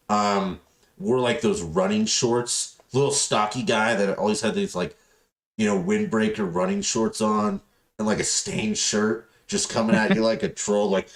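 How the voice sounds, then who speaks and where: Speaking at normal speed in a lowish voice with vocal fry, this podcast host chats casually. His storytelling is rambling, profane and animated, complete with acted-out quotes from the people involved.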